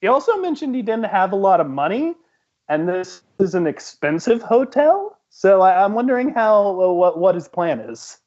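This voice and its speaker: A man runs a tabletop game in a rather high voice, stopping often with fillers and restarts. The recording sounds dull and lo-fi. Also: big pitch swings, a little mellow. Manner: halting, full of fillers. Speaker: game master.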